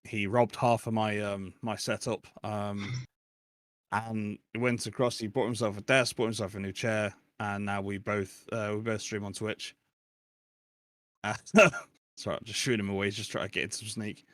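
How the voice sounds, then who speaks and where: A man's voice: fairly low pitch, level tone, normal speed, a bit bright, dry recording, studio quality. A man in his forties, chatting casually and laughing often as a podcast guest. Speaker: guest streamer.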